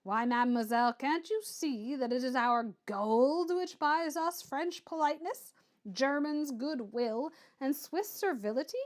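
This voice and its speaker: A woman reading an audiobook and voicing a scornful, mocking Englishman who stresses his words loudly and slowly. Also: high-pitched, expressive, voice pushed up. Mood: sneering. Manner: loud, emphatic, drawn-out stresses.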